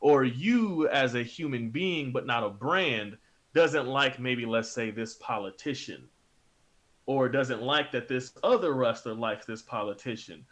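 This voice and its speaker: A man's voice: mid-range voice, a little slow, a bit bright. A man co-hosting a wrestling podcast, making emphatic points and repeating them for stress. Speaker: podcast co-host. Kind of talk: casual chat.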